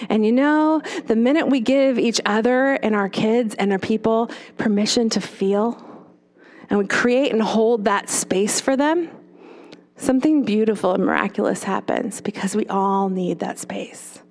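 A woman's voice: on the high side, a little slow, a little mellow. A woman, a former children's pastor, giving a storytelling talk to parents, often checking in with "right?". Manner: storytelling with tag questions.

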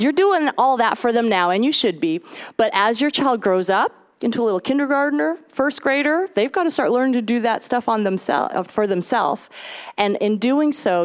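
A woman in her thirties giving a lively faith-based talk to a mothers' group, acting out the voices of the people in her stories. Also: a little high, normal speed. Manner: animated storytelling, acts out quoted voices.

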